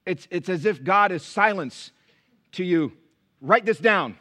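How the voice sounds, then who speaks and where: A man preaching a sermon as pastor, animated, firing rhetorical questions and dropping to quiet asides. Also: high voice, unhurried.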